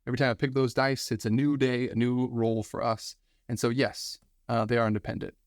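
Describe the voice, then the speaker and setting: A man's voice: medium pitch, level tone, a little fast, no echo, studio quality. A man teaching a recorded statistics lesson, talking energetically and repeating phrases for emphasis.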